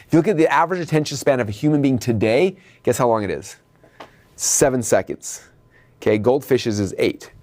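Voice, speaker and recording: A man's voice: medium pitch, a little fast, no room sound. A man teaching marketing at a whiteboard, telling stories and acting out shop customers in raised voices. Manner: animated storytelling, acts out customers in raised voices. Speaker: marketing trainer.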